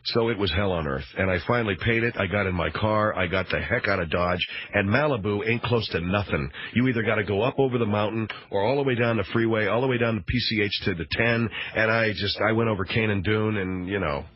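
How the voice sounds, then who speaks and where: A male radio host telling a comic story in a wry, sardonic, animated way. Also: on the low side, fairly quick, hardly any pauses. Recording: dull lo-fi radio sound.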